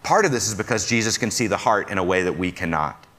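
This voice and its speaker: A man's voice: deep voice, lively intonation, quick pace, fairly bright tone. A man preaching a conversational sermon. He asks his listeners questions and counts himself among them as a fellow "fixer.".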